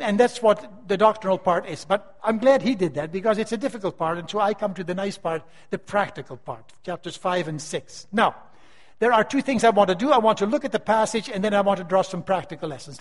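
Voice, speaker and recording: Older preacher in a reverberant hall. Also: male voice, high voice. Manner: emphatic, slows down to stress key phrases. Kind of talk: sermon.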